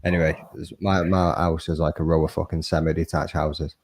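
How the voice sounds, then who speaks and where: A man's voice: a bass voice, flat delivery, brisk, darkish tone, no echo. A man telling stories in casual, sweary chat. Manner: sweary, storytelling.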